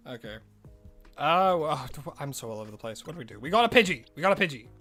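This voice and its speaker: A man's voice: fairly high pitch, very animated, quick pace, bright, forceful tone, soft background music. A man streaming a video game in casual live-stream chat, rambling and exclaiming to himself as he plays.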